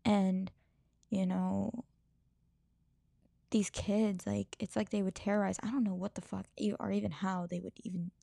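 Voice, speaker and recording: A woman's voice: mid-range voice, level tone, moderate pace, creaky, long pauses, warm tone, dry recording, clean studio sound. A woman hosting her own podcast, telling a personal life story in a candid, rambling way with frequent swearing and restarts. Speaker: podcast host.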